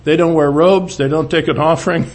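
A man's voice: a little high, fairly even intonation, a little fast, pitched above the performer's own voice, close to an everyday voice. A man voicing his devout navy pilot friend, eager and insistent. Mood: urging.

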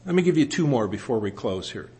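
A man in his sixties preaching a sermon in an earnest way, slowing down to stress scripture and adding gentle humor about himself. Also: mid-range voice, sing-song. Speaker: pastor.

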